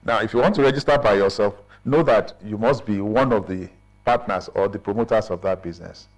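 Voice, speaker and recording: A man's voice: fairly low pitch, fairly quick, rough recording. Nigerian man explaining procedures patiently. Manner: explanatory, checks in with "right?" often. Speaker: official explaining business registration. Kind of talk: radio interview.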